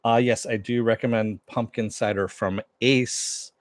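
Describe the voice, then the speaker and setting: A man's voice: fairly low pitch, steady tone, a little slow, no echo. A man hosting a casual live-stream chat about TV shows, answering viewers at home in a loose, rambling way with many fillers. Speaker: show host.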